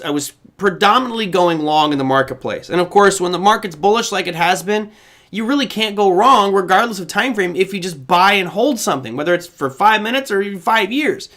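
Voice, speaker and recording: Bright-voiced man hosting a chatty live show. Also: high voice. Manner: chatty, loose, self-correcting. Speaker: host. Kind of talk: casual livestream talk.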